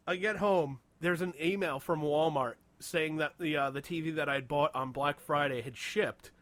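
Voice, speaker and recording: A young man co-hosting a casual podcast, telling a heated story full of swearing and quick laughs. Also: fairly high pitch, dry recording. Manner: profane, animated storytelling, frequent laughter. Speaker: podcast co-host.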